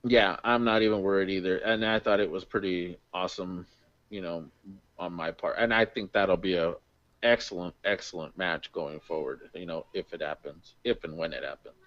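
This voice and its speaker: A man co-hosting a casual wrestling podcast, excitable and quick to laugh, recapping the show. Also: low voice, dry recording. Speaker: podcast co-host. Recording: dull dry home mic.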